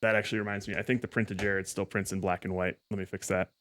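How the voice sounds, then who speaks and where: A man's voice: on the low side, little pitch movement, fast talker, noisy background. A man streaming a game, rambling and correcting himself as he stumbles over words. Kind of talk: casual gameplay commentary.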